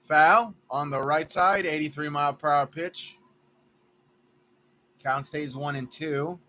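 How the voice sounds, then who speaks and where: A man doing casual play-by-play for a fan livestream, chatty and jokey, drifting into stories between pitches. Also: fairly even intonation, takes it slowly, sharp tone, slight background noise.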